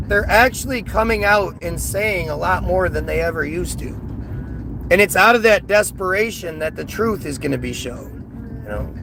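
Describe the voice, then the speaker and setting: A man with a high, bright, sharp-edged voice delivers an agitated, scornful live-stream rant, circling back and repeating himself as he answers viewers. Faint outdoor traffic hums underneath. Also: poor audio. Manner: agitated, scornful, repetitive ranting. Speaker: livestreamer reacting to chat.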